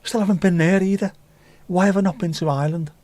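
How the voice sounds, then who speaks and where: A man from England hosts a livestream in a voice that sits high and has a darkish tone, keeping his delivery steady and quick. He chats loosely, reads viewer comments and tosses in rambling, jokey asides full of swearing. The recording is dry.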